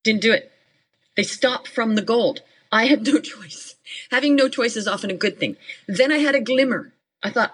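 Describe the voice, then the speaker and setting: A woman's voice: medium pitch, lively intonation, normal speed, fairly bright tone, slightly rough, rough recording. A middle-aged woman business coach, a podcast guest, talking in an emphatic, matter-of-fact way in short, punchy commands. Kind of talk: motivational interview talk.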